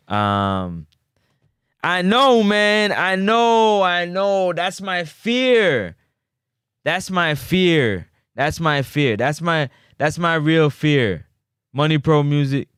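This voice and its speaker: Here the livestream host's voice sits a touch high with a clean tone. He jokes around energetically with his chat during a casual sports talk stream, recorded at studio quality with no room sound.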